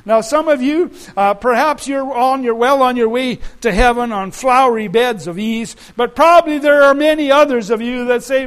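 A man preaching a sermon to a congregation, telling stories dramatically, with loud shouted peaks and quiet asides. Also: moderate pace, few pauses, smooth, poor audio. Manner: dramatic storytelling, shouting and dropping to low asides.

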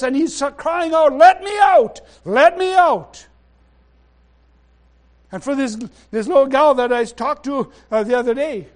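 High-voiced man preaching emphatically. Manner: emphatic, halting preacher with frequent restarts; swings between quiet asides and loud exclamations. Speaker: pastor. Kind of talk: sermon.

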